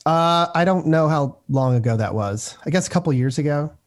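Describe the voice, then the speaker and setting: A man with a Philadelphia accent chatting casually as a co-host, relaxed and quick to laugh. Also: on the high side. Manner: relaxed, laughs easily, loose swearing. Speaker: podcast co-host and sound recordist. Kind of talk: casual chat.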